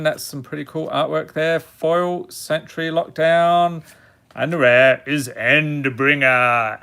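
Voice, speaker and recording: A man hosts a relaxed live stream, reading names aloud one after another at an unhurried pace. His voice sits slightly higher than most men's. He keeps a chatty, joking tone with the people watching. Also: creaky. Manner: reads item names one by one, jokes with viewers. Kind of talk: casual live-stream chat while opening card packs.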